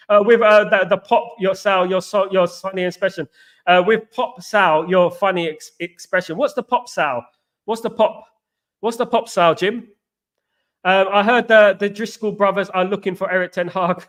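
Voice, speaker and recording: A man's voice: high-pitched, moderate pace, a bit bright. A man hosting a casual live stream, reading out viewer comments and answering them in a jokey, rambling way, leaning on the same catchphrases again and again. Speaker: host.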